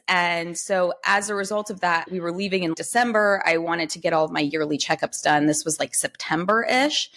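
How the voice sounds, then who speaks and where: A woman in her thirties, a podcast guest, telling a personal story in casual conversation and acting out the people she quotes. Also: creaky. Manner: animated, acts out quoted dialogue with lifted pitch.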